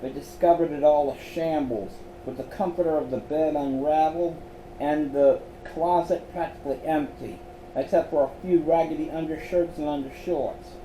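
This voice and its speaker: A man reading aloud from his own story, slowly, with stumbles and restarts. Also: fairly high pitch, fairly even intonation, mellow. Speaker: author and reader. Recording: roomy echo, faint background hum.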